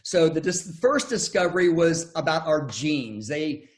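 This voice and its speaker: Older man, 60s, folksy presenter, slightly high voice, video call. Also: expressive, measured pace. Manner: folksy, storytelling, many restarts. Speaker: network marketing presenter. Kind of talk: online business presentation.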